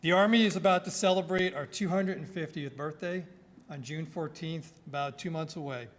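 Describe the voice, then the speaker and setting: A man with a New York accent, an army officer giving a formal ceremonial address in a measured, projecting way into a microphone. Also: on the high side, in a large hall. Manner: projecting, measured delivery with listed phrases. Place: indoor government building hall. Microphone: speaking into a microphone.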